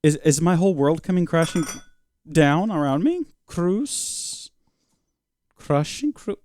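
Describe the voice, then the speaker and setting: In a sing-song, unhurried way, a young male streamer narrates the game he's playing with playful remarks, speaking to his chat and jumping into silly high voices. His voice is a little mellow, with a slight hiss or hum in the recording.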